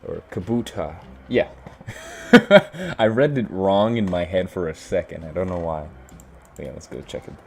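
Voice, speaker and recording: Chill low-voiced guy doing a let's play, reads the game text out, chatty. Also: fairly quick, vocal fry, warm tone. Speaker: gaming video host. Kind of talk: casual let's play commentary and reading.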